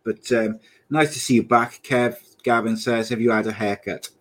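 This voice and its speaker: A young man hosts a live podcast in a casual, upbeat way. He reads out viewer comments with easy chatter. His voice sits at an ordinary mid pitch. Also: steady tone, moderate pace, a little hiss or hum. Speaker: podcast host.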